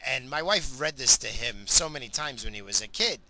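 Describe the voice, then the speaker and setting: A middle-aged man tells a story straight to camera in a loose, rambling monologue. He swears freely and keeps laughing at his own tale. His voice has a very bright, sharp edge to it. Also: mid-range voice, expressive, normal speed.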